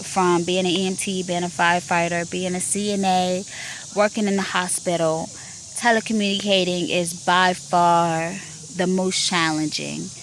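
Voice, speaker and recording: At a moderate pace and level tone, a woman with a fairly low pitch delivers a casual podcast monologue, with a little hiss or hum audible. She describes her work as a 911 telecommunicator, emphatic and repeating herself to drive her point home.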